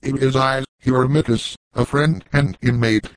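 A man's voice: mid-range voice, fairly even intonation, moderate pace, no echo, close to an everyday voice, poor audio. A man reading as a pompous blustering doctor.

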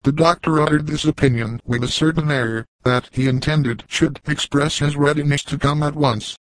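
A man reading a classic novel aloud as narrator, in a measured, formal manner. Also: mid-range voice, dry recording, low-quality recording. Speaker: audiobook narrator.

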